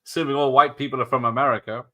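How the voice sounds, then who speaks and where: A man with a bright, forward voice makes jokey remarks about the film as it plays. His pitch is ordinary, his manner loose and laughing. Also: fairly even intonation, rapid-fire. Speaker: host of a movie watch-along. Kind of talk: casual live commentary chat.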